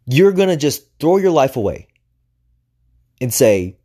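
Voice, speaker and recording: A man's voice: medium pitch, sing-song, a little slow, warm tone, husky. Profane, emphatic male podcast host. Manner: profane, emphatic, rhetorical questions. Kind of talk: motivational monologue.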